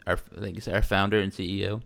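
Podcast co-host, man, deep and gravelly, rambling and casual. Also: level tone, fast, a bit bright. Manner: rambling, loose and self-mocking, with playful put-on quotes. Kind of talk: casual chat.

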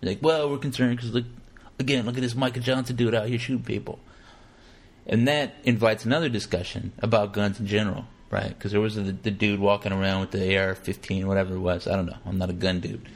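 A man talking casually as a podcast host, animated and profane, acting out quotes in exaggerated voices. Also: on the low side, quick pace. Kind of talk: casual conversational commentary.

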